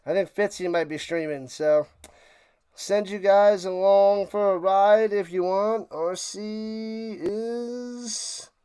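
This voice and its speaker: Male stream host, high clear voice, excitable and rambling, slightly winded. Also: a little slow. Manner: excited, rambling, repeats himself. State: out of breath. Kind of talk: casual sign-off chat to live stream viewers.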